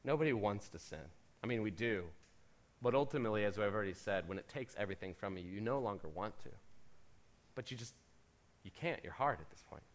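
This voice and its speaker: A man pastor preaching a sermon in an animated, conversational way with playful asides. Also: fairly low pitch, a little fast.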